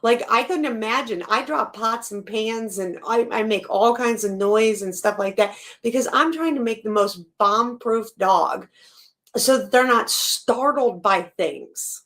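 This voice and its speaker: Woman host reacting on a live stream, kinda high voice, blunt and animated, swears a lot. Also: measured pace. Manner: blunt and animated, swears freely, laughs between remarks. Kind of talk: casual reaction commentary.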